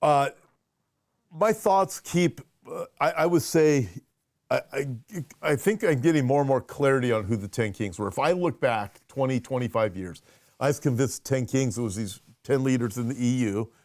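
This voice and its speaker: A man's voice: medium pitch, normal speed, darkish tone, no echo, clean studio sound. A man, a pastor, hosting a casual conversational show with lots of restarts as he talks. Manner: conversational, restarts and fillers, reads viewer questions. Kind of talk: casual chat.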